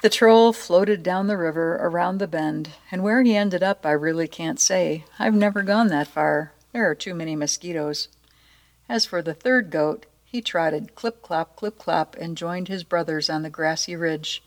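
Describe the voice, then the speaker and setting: Woman storyteller, slightly low pitch, playful expressive read-aloud. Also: measured pace. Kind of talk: storybook narration and short devotional.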